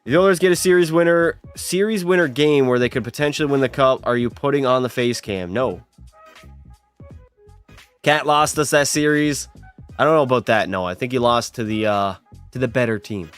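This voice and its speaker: A man's voice: mid-range voice, moderate pace, clean tone, soft background music. A young man live-streaming a hockey video game, chatting and teasing his viewers as he plays. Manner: chatty, teasing, banters with chat.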